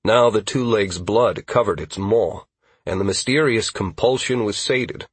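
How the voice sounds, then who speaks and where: A man narrating a fantasy audiobook in a steady, even storytelling manner on a close studio mic. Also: fairly low pitch, breathy edge, dry recording.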